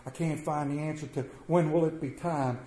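A man preaching a sermon as pastor, swinging between loud emphatic bursts and quiet, soft-spoken asides. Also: a little high, fairly even intonation, moderate pace. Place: church sanctuary with congregation. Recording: roomy church echo.

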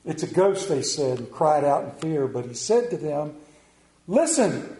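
A man preaching a sermon, telling Bible stories and acting out the characters, swinging between loud bursts and quiet low passages. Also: big pitch swings, a little slow, reverberant, rough recording. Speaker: pastor.

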